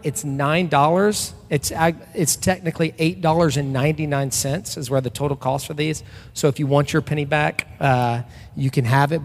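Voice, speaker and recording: A man in his thirties gives a relaxed, chatty sermon in a church sanctuary. His voice sits a bit high and has a gravelly edge. A long reverb trails his words around the hall. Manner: loose and personal, with frequent restarts and fillers. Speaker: pastor. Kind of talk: casual conversational sermon.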